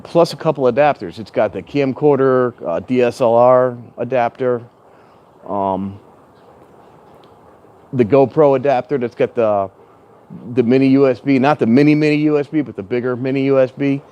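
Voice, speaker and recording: At a windy train station, a man vlogs casually into a clip-on mic plugged into his handheld phone, his medium-pitched voice mellow and clean but with the highs cut off. Speaking at a moderate pace, he rambles and chats, corrects himself, and sometimes raises his voice over the strong wind.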